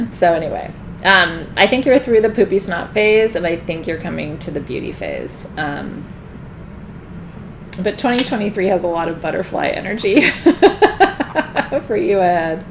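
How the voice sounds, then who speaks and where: Woman, tarot reader, casual live reading, laughs often, fry in the voice, background noise. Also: medium pitch, lively intonation, moderate pace. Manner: chatty, laughs often, gets loud when joking.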